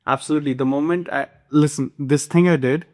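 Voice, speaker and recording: A man hosting an interview, talking in a relaxed, candid way. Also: a little high, a little fast. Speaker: talk show host. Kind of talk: casual interview chat.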